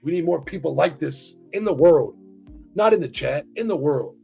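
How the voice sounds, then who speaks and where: A man's voice: fairly high pitch, lively intonation, normal speed, creaky, mellow, husky, faint music behind. An American man hosting a livestream, chatting casually and rambling with plenty of swearing while talking to his chat. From United States. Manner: profane, rambling, talks to chat. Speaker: livestream host.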